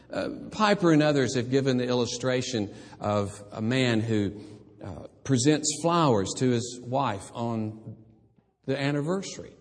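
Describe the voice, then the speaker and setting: An older man preaching a sermon, moving from hushed, tender reflection to emphatic, impassioned exhortation. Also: medium pitch, animated, normal speed, long reverb tail. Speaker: pastor.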